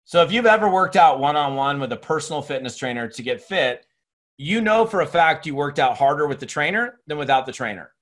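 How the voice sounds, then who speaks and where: A man in his fifties delivers a motivational training talk, his voice sitting a little on the high side. He rattles through stories with lively energy, stumbling into quick restarts as he goes. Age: 50s. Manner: energetic storytelling, chatty with many restarts. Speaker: network marketing speaker and trainer. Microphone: webinar recording.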